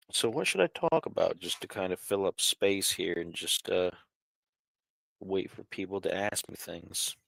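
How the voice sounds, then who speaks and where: A man's voice: deep voice, slow, gravelly, long pauses, dry recording. A man hosting a casual live question stream from home, chatting and talking to his cat. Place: home, on a couch.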